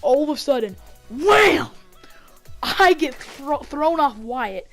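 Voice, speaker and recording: A woman telling a story in a casual vlog, rambling with lots of fillers and getting excited as she acts it out on a desk mic. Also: sits high, a little slow, soft background music. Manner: rambling, heavy on fillers, gets excited acting out the fight. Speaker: vlogger.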